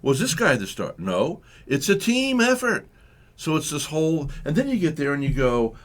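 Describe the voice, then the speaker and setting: A man's voice: on the high side, moderate pace. A man hosting a live comedy talk radio show, joking and acting out little scenes. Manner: animated, jokey, acts out voices, laughs often. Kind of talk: comic radio banter.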